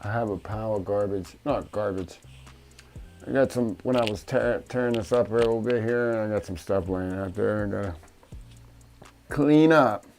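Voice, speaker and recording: Brief: male hobbyist, gravelly and dark, rambling and profane workbench chatter, faint music behind. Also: fairly low pitch, normal speed. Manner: rambling, profane, talks to himself while tinkering. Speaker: FPV drone hobbyist. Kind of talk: casual workbench chat. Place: home studio workshop.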